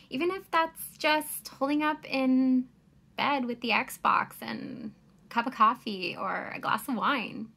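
A woman with a bright, slightly high voice and a gravelly edge gives a chatty birthday message. She sounds encouraging and easygoing.

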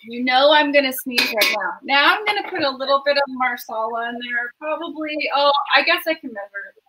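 A woman's voice: high-pitched, animated, brisk, background noise. A woman hosting a home cooking show from her kitchen, chatting in a rambling, enthusiastic way about the food as she cooks. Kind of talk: casual cooking chat.

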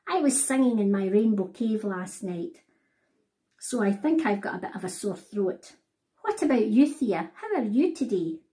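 A kind, squeaky-voiced rainbow dinosaur from a children's picture book, as a woman reads him. His voice rises and falls in a lively, playful way. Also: moderate pace, lightly acted. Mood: hoarse.

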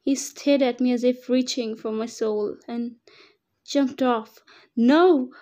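Slow, mellow woman reading a story. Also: on the high side, fairly even intonation. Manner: emotional first-person storytelling. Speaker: story reader. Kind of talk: dramatic reading of fan fiction.

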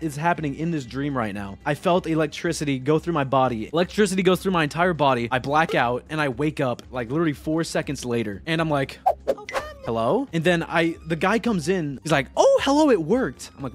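A young man streaming a game, with a fairly high voice. He talks in a rambling, excitable way and breaks into sudden shouts. Faint music plays underneath. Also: fast. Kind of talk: casual gaming stream chat.

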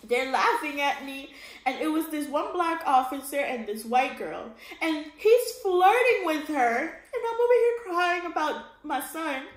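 A young woman with a high voice recounts a hard stretch of her life, her words wet with tears and broken by shaky laughs. She swears freely and talks in a loose, casual way. The room around her rings with a roomy echo. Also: sing-song, measured pace. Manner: tearful, breaks into crying laughs, swears casually. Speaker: vlogger. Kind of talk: emotional personal storytelling. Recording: echoey room.

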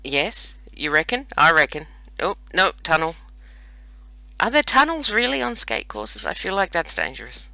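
A man's voice: a little high, very animated, moderate pace, creaky, sharp tone, dry recording. An Australian man around forty, chatting playfully and mocking himself as he plays a video game. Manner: chatty, self-mocking, playful running banter. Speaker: let's play host. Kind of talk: casual gameplay commentary.

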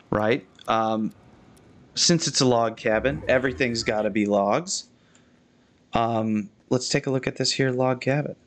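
A young adult man giving chatty live commentary as he plays a video game, critiquing its buildings with frequent restarts and sudden high-pitched exclamations.

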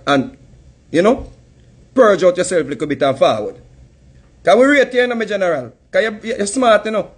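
A man's voice: high-pitched, slightly rough. A man with a Jamaican accent giving a heated, mocking commentary rant. He laughs often as he talks. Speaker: commentary host.

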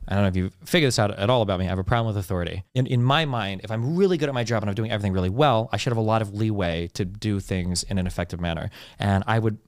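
A man who is a podcast guest, telling stories from his old jobs in a fast, ranting way with a lot of swearing. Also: on the low side, no room sound, clean studio sound. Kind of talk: casual storytelling, profane and emphatic.

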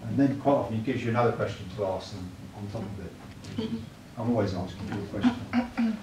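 This church evangelism teacher has a lowish voice whose pitch swoops wildly, and he speaks fairly quickly. He's leading a church training talk in an echoey hall, chatting and putting tag questions to the audience. It's recorded with a distant mic and noticeable noise.

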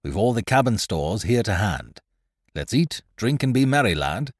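A man voicing a bold, grinning pirate captain who talks in rough, hearty old sailor speech. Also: on the low side, big pitch swings, moderate pace, no room sound, studio quality. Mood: scheming.

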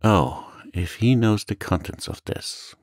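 A man voicing a stern, proud magistrate in a calm audiobook reading, curt and commanding. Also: lowish voice, slow pace, no echo, clean studio sound, pitched above the performer's own voice. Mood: stern, uneasy.

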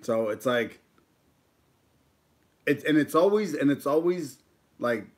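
A man's voice: on the high side, expressive, slow pace. Laid-back joking man on a live stream. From United States. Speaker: mukbang YouTuber. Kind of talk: casual live-stream chat while eating.

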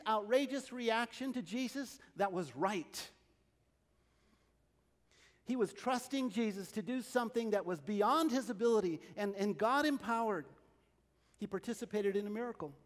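A male pastor preaching a sermon, telling the story with animated, acted-out storytelling. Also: high-pitched. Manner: animated storytelling, acting out the scene. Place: large church hall. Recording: long church reverb.

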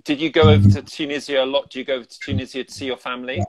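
A British man hosting a casual livestream chat, encouraging his guest and trying out halting French. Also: medium pitch, crowd noise, low-quality recording. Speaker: host.

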